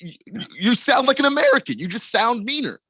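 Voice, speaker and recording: A man's voice: very high voice, sing-song, brisk, bright, forceful tone, breathy edge, no room sound. A man co-hosting sports talk radio, talking casually with frequent restarts and chuckles. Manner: stammering restarts, laughs while talking.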